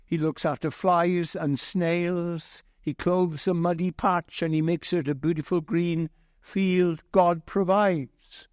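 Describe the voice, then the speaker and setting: A man preaching a sermon slowly and deliberately, telling a gentle humorous story along the way. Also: on the high side, steady tone, dry recording, studio quality.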